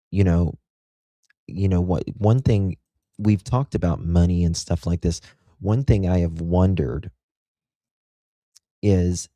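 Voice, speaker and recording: Male livestream host, deep mellow voice, dry close sound, ponders aloud. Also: no echo. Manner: musing, thinks aloud with rhetorical questions. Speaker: true-crime livestream host. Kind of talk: casual livestream commentary.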